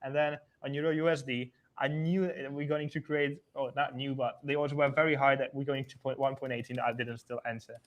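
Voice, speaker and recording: A man's voice: medium pitch, level tone, brisk, few pauses, highs cut off. A man co-hosting a live trading stream, talking casually with loose grammar, frequent repeats and restarts. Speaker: trading analyst co-host.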